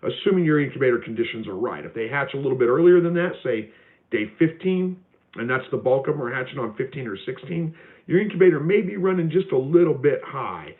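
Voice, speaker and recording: The homestead livestream host has a mid-range voice with lively intonation and speaks fairly quickly. He chats casually through viewer questions, often using fillers and restarting. His phone microphone gives tinny audio.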